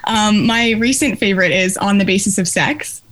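A woman's voice: mid-range voice, moderate pace, a bit bright. A woman appearing as a guest on a casual podcast, a law student talking about herself. She is friendly and easygoing, laughing lightly as she speaks, in a mid-range voice.

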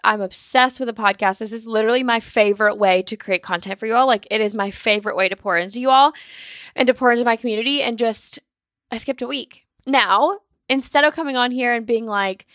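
A woman's voice: a little high, fairly bright tone, no echo, studio quality. A woman, hosting her own podcast in a bubbly, chatty way, casually swearing and saying "like" often. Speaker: podcast host and business mentor.

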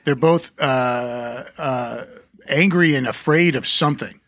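A man's voice: medium pitch, takes it slowly, a bit bright. A man co-hosting a podcast, offering wry, rambling musings in casual chat. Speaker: podcast co-host.

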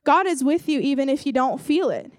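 A woman's voice: high-pitched, lively intonation, a little fast, no echo. A young woman giving a casual sermon at a church service, telling a story and talking in a chatty way with many fillers.

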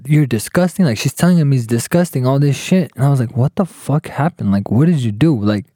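A man's voice: mid-range voice, a little fast, no room sound, studio quality. A young man casually telling a profane story to friends, acting out what everyone said. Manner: profane, animated, acts out quotes.

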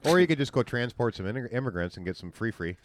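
A man's voice: medium pitch, lively intonation, fast, dry recording. A man in casual talk-show chat, chatty and telling stories.

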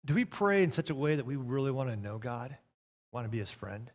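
A man preaching a sermon as pastor, reading scripture and telling a story, swinging between soft passages and loud ones. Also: medium pitch, big pitch swings, fairly quick.

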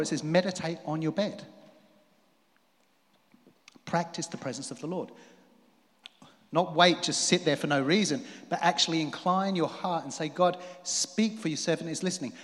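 A man preaching a sermon in a lively way, rising to emphatic peaks and dropping to quiet asides. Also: fairly high pitch. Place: church hall. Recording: long hall reverb.

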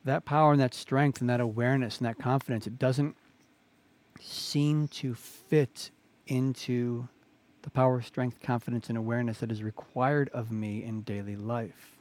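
A man's voice: mid-range voice, fairly even intonation, moderate pace, a little mellow. A man hosting a conversation, reflective and searching for words as he speaks. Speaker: host.

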